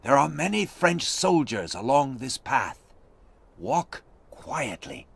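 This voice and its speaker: A man voicing a steady adult frontier scout in a storybook reading, speaking in a calm, low, commanding way. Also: unhurried, vocal fry, husky, no echo, exaggerated voice.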